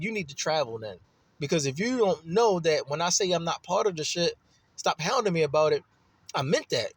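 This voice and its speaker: A Baltimore man with a high, husky voice rambles through a story, swearing freely and getting animated as he goes. The sound is dry and close, with no room around it. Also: no echo. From Baltimore, USA. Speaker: vlogger telling a personal story. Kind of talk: casual storytelling monologue.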